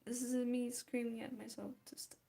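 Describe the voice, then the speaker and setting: A woman chatting casually while she paints, self-mocking, often dropping into soft whispers. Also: a little high, flat delivery, normal speed, vocal fry. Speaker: art vlogger.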